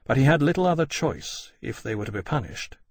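A man narrating an audiobook in an even, measured storytelling way. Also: mid-range voice, no echo, clean studio sound. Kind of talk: scripted narration.

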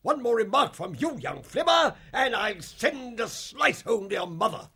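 A man voicing a huge, gruff male hare supply sergeant who barks threats in an audiobook. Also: extremely high pitch, sing-song, normal speed, sharp tone, pitched above the performer's own voice, exaggerated voice. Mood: threatening. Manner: threatening, barking.

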